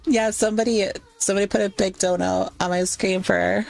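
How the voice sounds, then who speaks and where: A woman's voice: medium pitch, steady tone, brisk, vocal fry. A woman live-streaming, chatting casually with her viewers into an ASMR microphone, teary and emotional.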